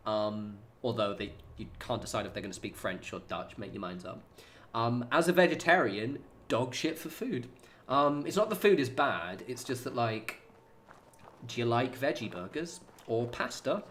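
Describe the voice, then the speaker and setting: A man's voice: mid-range voice, fairly bright tone, slight background noise. A man chatting casually on a gaming livestream at home, rambling and swearing freely. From United Kingdom. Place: home apartment.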